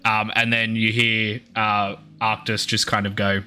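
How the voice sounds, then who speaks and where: Bright-voiced man running a tabletop game. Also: fairly low pitch, level tone, clean tone, soft background music. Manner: halting, many ums while describing scenes. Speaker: game master.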